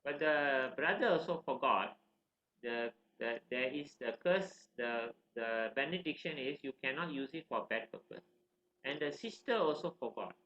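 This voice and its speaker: A man teaching a scripture class, telling a story in an animated, conversational way and asking the listeners questions. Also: medium pitch, moderate pace, slight background noise. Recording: roomy, slightly dull recording.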